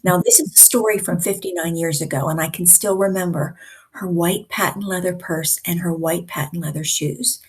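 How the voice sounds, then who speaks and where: A woman in her sixties hosting and coaching, teaching in a conversational way with deliberate pauses. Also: lowish voice, steady tone. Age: 60s. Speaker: host and speaking coach.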